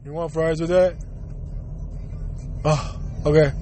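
A man mimicking a surly, bored female store clerk in a sneering, put-upon voice, well below his usual high pitch. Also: steady tone, takes it slowly, mellow, slight background noise. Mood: irritated.

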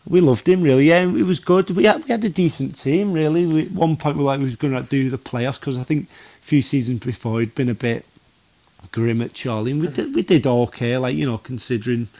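A man in a casual podcast interview, telling football stories with lots of fillers and restarts. His pitch sits in the middle range for a man, and he sounds like a man in his thirties. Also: a little fast. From northwest England. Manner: animated storyteller, many fillers and restarts. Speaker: former goalkeeper, podcast guest.

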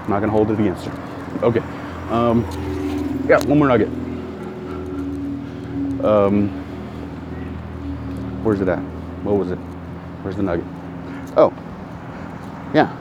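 Low-voiced man rambling outdoors. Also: slow, pauses often, dull audio. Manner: rambling, self-correcting, greets passersby. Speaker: podcast host. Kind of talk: casual walking podcast monologue. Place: outdoors in a town, walking. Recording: outdoor street noise. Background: traffic and street sounds.

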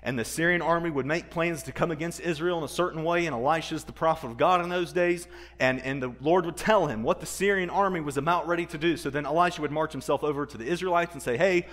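A man preaching a sermon, telling a story with animated energy, repeating words and acting out the people he quotes. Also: fairly high pitch, fast. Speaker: pastor.

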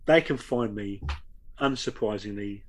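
A man co-hosting a podcast, talking casually and pausing to find his words. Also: on the low side. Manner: halting, searching for words. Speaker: podcast co-host. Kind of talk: casual chat reviewing an episode.

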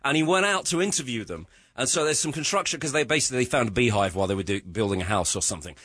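A man's voice: medium pitch, lively intonation, rapid-fire, fairly bright tone, slightly rough, no echo, studio quality. A man with an English accent, joking in casual radio banter and slipping into mock voices. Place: radio studio. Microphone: studio microphone.

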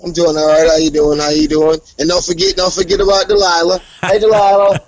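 Hyped-up wrestler with a gravelly voice. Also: male voice, fast, no room sound, rough recording. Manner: hyped, animated, promo-style trash talk with big pitch jumps. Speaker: professional wrestler. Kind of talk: casual interview over a call.

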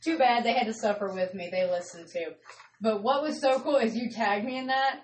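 A woman hosting a casual live radio chat, an excitable storyteller who squeals when thrilled. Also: fairly high pitch, a little fast, far from the mic, slight background noise. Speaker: radio show host. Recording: roomy sound from off-mic.

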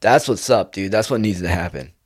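A man's voice: low voice, brisk, slightly rough, no echo, clean studio sound. A young man in a casual, rambling monologue, laid-back and peppering his talk with "dude". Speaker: vlogger.

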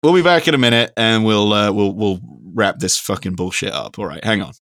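A fairly low-pitched man speaks briskly. He co-hosts a podcast, keeping the chat casual and rambling, with the odd curse word.

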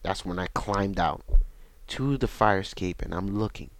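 Low-voiced New man, dry. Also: dry recording. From Bronx, New York. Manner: halting, repetitive, reflective storytelling. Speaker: interview guest. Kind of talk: personal testimony.

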